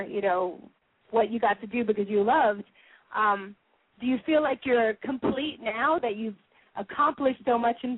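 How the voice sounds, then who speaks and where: A chatty, animated woman hosts a radio interview, laughing easily as she talks. Her voice is fairly high and comes through a thin, phone-like line. The sound is dry and close. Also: no echo. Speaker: radio show host.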